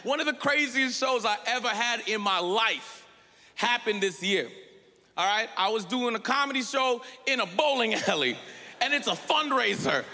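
Male stand-up comic, high and husky, punchy delivery in a big reverberant hall. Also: lively intonation, normal speed, bright, forceful tone. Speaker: stand-up comedian. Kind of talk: stand-up comedy set. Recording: live hall with long reverb. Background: audience laughter.

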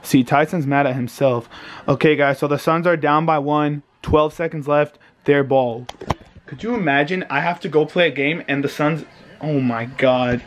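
A man's voice: on the high side, moderate pace, slight background noise. A young man in his twenties reacting live to a basketball game at home, anxious and pleading, swearing and groaning as he talks into a handheld camera. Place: home, indoors.

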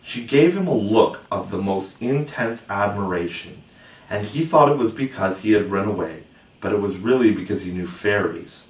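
Guy reading an audiobook, lowish voice, echoey room, sits back from the mic. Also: expressive, moderate pace, far from the mic. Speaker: narrator. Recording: roomy echo, voice set back from the mic.

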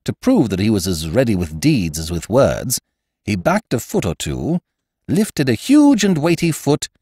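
A man and podcast host reading a classic comic story aloud in first person, with wry, expressive storytelling. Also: lowish voice, unhurried, breathy edge, no room sound, clean studio sound. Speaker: audiobook narrator and podcast host. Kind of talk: scripted storybook narration.

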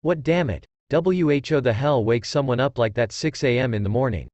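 A man's voice: medium pitch, brisk, darkish tone, dry recording, muffled recording, lightly acted. A man reading aloud and voicing a brash, grumpy teenage boy ninja. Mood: indignant.

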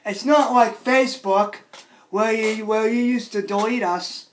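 A man vlogging an angry, repetitive rant, often shouting and scolding. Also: high voice, steady tone, unhurried, slight background noise.

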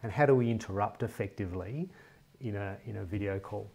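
A man with a somewhat low voice hosts an interview over a video call. He is inquisitive and frames his questions with small hesitations and fillers. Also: a little fast, creaky, darkish tone, husky. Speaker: interview host. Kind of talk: conversational interview.

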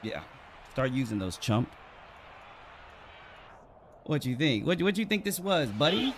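A man giving live gameplay commentary, swearing and trash-talking and yelling when he gets excited. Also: on the high side, measured pace, pauses often, slight background noise. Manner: excitable, profane trash talk, shouts when hyped. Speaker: gaming channel host.

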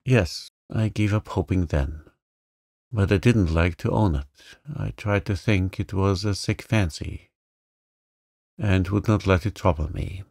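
Man voicing a gentle young woman, soft, resigned, low-pitched, dry recording. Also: a little slow, vocal fry, no echo, full character voice. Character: gentle young woman facing illness, calm.

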